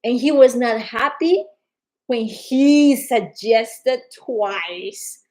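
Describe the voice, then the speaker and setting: A woman's voice: on the high side, drawn-out words, low-quality recording. A woman with a non-native English accent, talking casually and emphatically to viewers on a live stream. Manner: animated, emphatic, calls viewers darling. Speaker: social media host.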